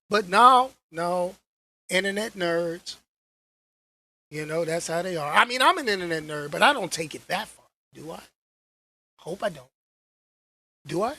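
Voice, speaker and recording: Husky, animated man ranting to camera. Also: sits high. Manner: animated, slangy, repeats phrases for emphasis. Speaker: channel host. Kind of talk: casual rant to camera.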